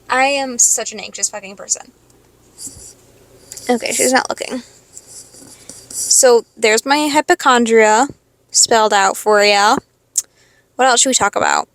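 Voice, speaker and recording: Young woman rambling with vocal fry. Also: fairly high pitch, unhurried, long pauses, fairly bright tone, slight background noise. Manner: rambling, expletive-laden storytelling. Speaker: podcast host. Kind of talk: casual confessional monologue.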